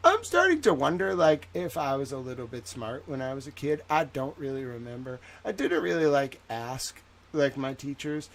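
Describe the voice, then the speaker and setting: A man's voice: mid-range voice, sing-song, moderate pace. A man hosting a livestream, chatting casually in a rambling, profane way with lots of fillers. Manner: rambling, profane, heavy use of "like". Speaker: livestream host.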